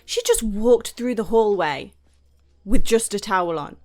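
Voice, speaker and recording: A woman's voice: medium pitch, expressive, a little slow, darkish tone, faint music behind. A British woman hosting a movie reaction, talking frankly and sarcastically with lots of "like" in a casual chat. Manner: frank, sarcastic ranting with many "like"s.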